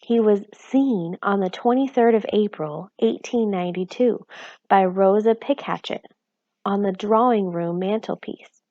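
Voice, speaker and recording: A woman's voice: a little slow, no echo, lo-fi sound, lightly acted. A woman reading aloud and voicing an anxious, fussy tiny mother who talks in a worried, exclaiming way. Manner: worried and exclaiming, raised pitch. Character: anxious fussy tiny mother, middle-aged, sharp-tongued.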